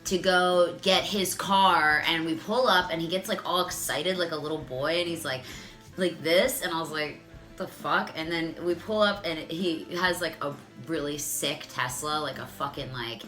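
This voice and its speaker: A woman's voice: sits low, normal speed, few pauses, sharp tone, faint music behind. A woman in her thirties telling a dating story to her viewers in a chatty, profane way, full of "like.". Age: 30s. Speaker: vlogger. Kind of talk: casual storytelling to camera.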